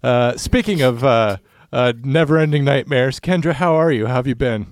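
A man's voice: medium pitch, moderate pace, no room sound, clean studio sound. A man co-hosting a podcast, a former police officer, telling rambling jokey stories with lots of fillers. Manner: joking, rambling storytelling with fillers. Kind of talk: casual podcast banter.

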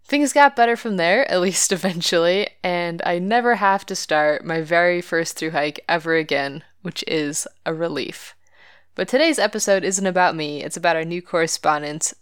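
Smooth-voiced woman hosting a podcast. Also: fairly low pitch, moderate pace, no room sound, clean studio sound. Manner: candid, self-deprecating storytelling with light laughs. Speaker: podcast host. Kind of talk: scripted podcast narration.

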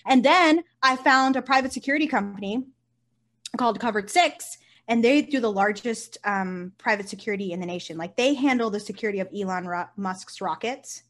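A woman, a nurse and company founder, talking casually in an interview and telling stories with lively, acted-out quotes. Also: fairly high pitch, fairly quick. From United States. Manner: animated storyteller, acts out quotes, swears casually.

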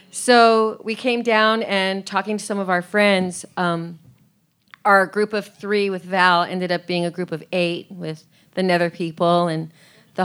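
A woman's voice: fairly low pitch, a bit bright, smooth. Chatty woman on a live podcast panel in a theater, laughs a lot. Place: theater on a cruise ship, live audience.

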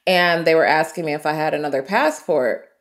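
Low-voiced woman telling travel stories. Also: fairly quick. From United States. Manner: vivid, animated storytelling with quoted asides. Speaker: guest traveler. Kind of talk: storytelling interview.

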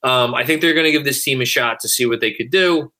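A man hosts a casual podcast, working through listener comments one by one. He rambles, restarts his sentences and swears freely, all in a bright, forceful voice. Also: mid-range voice, quick pace. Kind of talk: casual chat.

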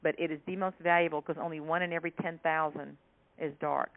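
A woman from South Carolina, an author and humorist, telling stories in an animated way as a guest in an interview. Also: low-pitched, fast talker. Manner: animated, laughing storyteller. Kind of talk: storytelling interview chat. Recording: tinny phone line.

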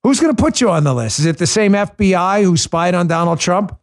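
A man's voice: high voice, animated, fairly quick. A man hosting a political talk show, speaking in an impassioned, emphatic way and repeating words for stress. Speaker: podcast host.

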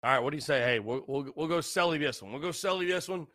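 A man's voice: fairly high pitch, fast talker, fairly bright tone, no echo, studio quality. A young man hosting a casual solo podcast, tipsy, rambling and repeating himself. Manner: rambling, repetitive, loose and tipsy. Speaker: podcast host.

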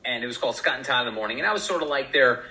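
A man telling a story as a podcast guest in a casual, animated way, acting out the voices of the people in it. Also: medium pitch, rapid-fire, roomy sound, poor audio. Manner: animated, acts out voices in quotes.

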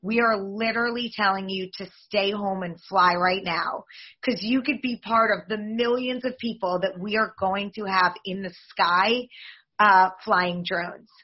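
A woman in her forties, a league executive, answering podcast interview questions in an upbeat, promotional, fast-flowing way. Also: medium pitch, fairly even intonation, breathy edge, muffled recording.

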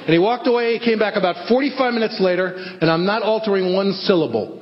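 A middle-aged man doing stand-up storytelling, self-deprecating and animated. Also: high-pitched, quick pace. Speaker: stand-up comedian. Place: theater stage before an audience. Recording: echoey hall, dull lo-fi sound, faint hiss.

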